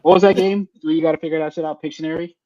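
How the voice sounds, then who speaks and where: A man co-hosting a podcast in casual chat, animated and swearing as he acts out people's reactions. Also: a little high, rapid-fire, muffled recording, a little hiss or hum. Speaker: podcast co-host.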